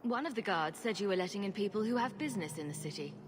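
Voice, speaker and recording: A determined young heroine, voiced by a woman, presses her case firmly and won't back down. She talks fast at a middle pitch, with faint noise behind. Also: expressive, natural voice. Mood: insistent. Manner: firm, insistent.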